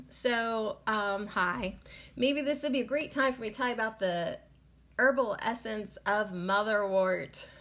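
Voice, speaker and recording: A woman talking alone on her podcast in a loose, meandering way, with "like" in almost every phrase. She sounds tearful and keeps herself from crying. Her voice sits at a middle pitch. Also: a bit bright. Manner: rambling, lots of "like" fillers, emotional. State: tearful, holding back crying. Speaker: podcast host. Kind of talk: casual solo podcast monologue.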